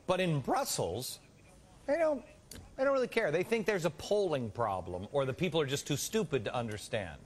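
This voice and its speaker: American man, TV host, fairly high voice, very lively pitch, jokey. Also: normal speed. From United States. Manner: joking, rambling, expressive. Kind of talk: TV interview.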